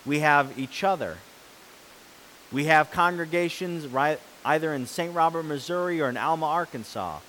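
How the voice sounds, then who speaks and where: A man preaching a sermon, reading scripture and explaining it, who swings between loud, forceful passages and soft, quiet ones. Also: a little high, normal speed, slight background noise, low-quality recording.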